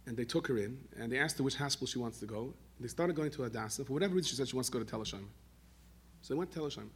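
A man giving a sermon, telling stories in an animated way and mixing in Yiddish and Hebrew words. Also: medium pitch, racing, husky. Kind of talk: sermon storytelling.

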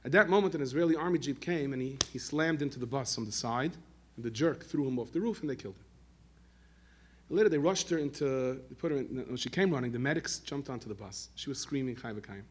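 A man giving a sermon, telling stories in an animated way and mixing in Yiddish and Hebrew words. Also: mid-range voice, quick pace. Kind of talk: sermon storytelling.

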